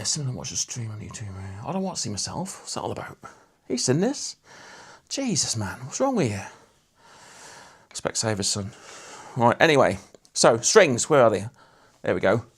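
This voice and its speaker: A livestream host from Lincolnshire, England, chats with viewers and teases them while working on a guitar. His voice sits in the mid range with a breathy edge.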